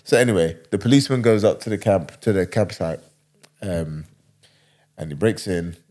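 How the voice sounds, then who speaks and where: A man's voice: low-pitched, expressive, moderate pace, mellow. A man casually retelling a wild story, rambling and slangy.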